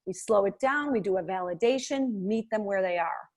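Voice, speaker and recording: A woman giving coaching feedback over a video call, acting out example lines with lively swings. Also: mid-range voice, moderate pace.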